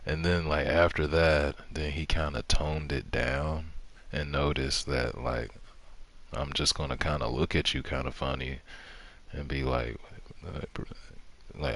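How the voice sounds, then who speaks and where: A man's voice: rumbling low, steady tone, a little slow, fairly bright tone. A man streaming a game, telling rambling stories in casual, profane chat.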